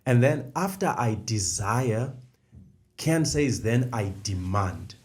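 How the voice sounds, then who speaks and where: A middle-aged man co-hosts a faith podcast, explaining ideas step by step in a conversational discussion and repeating the key phrases. His voice is mid-range and animated, and he takes his time.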